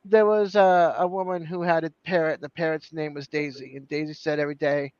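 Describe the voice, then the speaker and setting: A man's voice: a little high, flat delivery, fairly quick, hardly any pauses, a little mellow, clean tone, highs cut off. A man telling a joke on a live stream call, chatty and giggly. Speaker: caller telling jokes.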